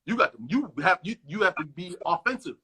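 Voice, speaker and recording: A man guest in a casual interview, telling stories in a profane, animated way and acting out what others said, over a phone video call. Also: sits high, brisk, crowd noise. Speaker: actor guest.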